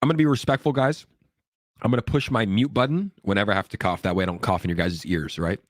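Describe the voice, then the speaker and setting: A man's voice: fairly low pitch, fairly even intonation, fast, dry recording, studio quality. A man hosting a casual crypto livestream, upbeat and hyped as he reads viewer comments, sick and coughing now and then. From California.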